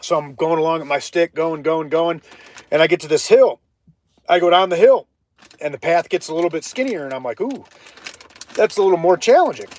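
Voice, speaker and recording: A man from Ohio telling a hiking story on a casual live stream, chatty and animated, breaking off to greet viewers. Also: fairly high pitch, fairly quick. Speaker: livestreaming vlogger.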